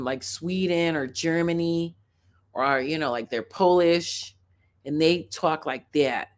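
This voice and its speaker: A woman from Chicago with a suburban Chicago accent, hosting a rambling, chatty reaction video and talking straight to her viewers. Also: low voice. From Chicago, USA. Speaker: host. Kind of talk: casual reaction commentary.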